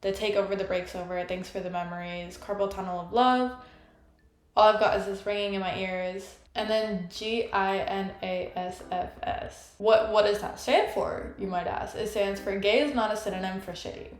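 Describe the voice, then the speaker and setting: A woman's voice: mid-range voice, moderate pace. A young woman telling a fan-history story in a casual, gossipy way, full of "like"s. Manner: gossipy, animated, many "like"s. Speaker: YouTuber. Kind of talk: casual commentary video. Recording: echoey room, faint music.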